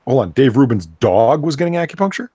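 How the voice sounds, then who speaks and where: A man co-hosting a casual online chat show, chatty and quick. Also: mid-range voice, sing-song, dark tone, breathy edge, no room sound. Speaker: podcast co-host.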